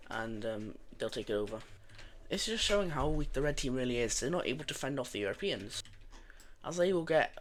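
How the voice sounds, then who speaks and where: Young male YouTube narrator, mid pitch, casual and rambling, full of fillers. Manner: relaxed, rambling, many fillers and restarts. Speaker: mapping video narrator.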